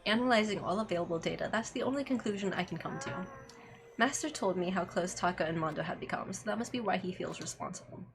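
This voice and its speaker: A woman voicing an earnest, childlike computer program that talks in a polite, calm, analytical way. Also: on the low side, quick pace, creaky, over music.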